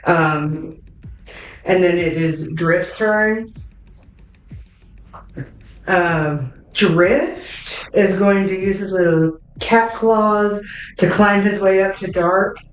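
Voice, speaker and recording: A woman's voice: medium pitch, fairly even intonation, slow pace, reverberant, far from the mic, poor audio. A woman narrating a tabletop game as game master, casual and full of fillers, swearing freely.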